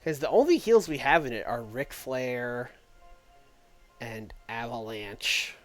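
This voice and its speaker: A man's voice: mid-range voice, animated, slow. A man casually talking through a strategy game on a livestream, thinking aloud and addressing his chat. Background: faint background music.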